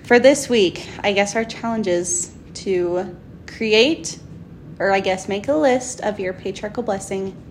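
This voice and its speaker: A woman's voice: medium pitch, a little slow, slight background noise. A young woman co-hosting a podcast in casual chat, talking earnestly and with enthusiasm. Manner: earnest, enthusiastic, animated in quoted speech. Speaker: podcast co-host.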